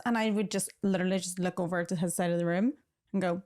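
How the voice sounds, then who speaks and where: A young woman hosting a casual podcast chat with her boyfriend, talking in a teasing, animated way. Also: on the low side, fast. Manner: chatty, teasing, animated storytelling. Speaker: podcast host.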